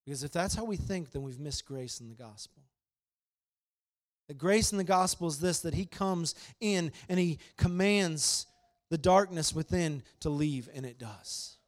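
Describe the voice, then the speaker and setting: Emphatic pastor, a man with high voice. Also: unhurried. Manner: swings between loud emphatic proclamation and quiet storytelling. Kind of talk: sermon.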